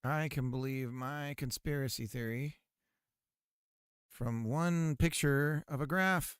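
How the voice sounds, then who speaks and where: A man's voice: on the high side, fairly even intonation, takes it slowly, clear, resonant tone, no room sound, clean studio sound. A man streaming game development, chatting casually in a sarcastic, rambling storytelling way. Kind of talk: casual live-stream chat.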